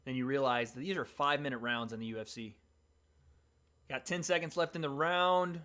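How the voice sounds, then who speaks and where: A man hosting a livestream, reacting live to a fight with casual, excited play-by-play. He calls the action in an everyday way and breaks into sudden cheers at big moments. His voice sits at a medium pitch. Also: a little fast. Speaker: livestream host.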